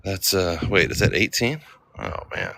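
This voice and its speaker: A man's voice: deep voice, animated, a little slow, vocal fry, bright, forceful tone. A man casually vlogging on a walk, chatting to viewers and reading names aloud. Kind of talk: casual livestream walk-and-talk. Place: outdoor cemetery.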